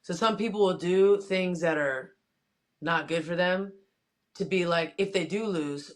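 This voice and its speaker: A woman's voice: on the low side, unhurried. A woman boxer from Miami, chatting casually as an interview guest, easygoing and joking. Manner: joking, easygoing, self-promoting.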